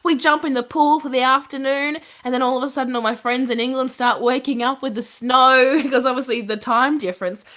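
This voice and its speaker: A woman's voice: sits high, fairly even intonation, fairly quick, few pauses, fairly bright tone. A young woman from Australia with an Australian accent, telling stories as a podcast guest and laughing often. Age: young adult. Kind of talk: casual storytelling interview. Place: podcast studio in London.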